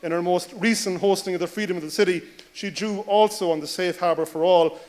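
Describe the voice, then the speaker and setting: Man, high voice, hesitant tribute to an outgoing official. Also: fairly even intonation, a little fast, a little mellow. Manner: hesitant with frequent ums and uhs. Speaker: speaker paying tribute. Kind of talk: formal tribute speech.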